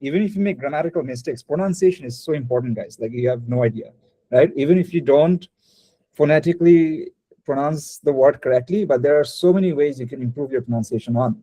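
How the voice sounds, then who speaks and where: Fast-talking man teaching. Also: on the high side, warm tone, dry recording, rough recording. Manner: rapid mix of English and Bengali, frequent restarts. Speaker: spoken English teacher. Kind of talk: live online class feedback.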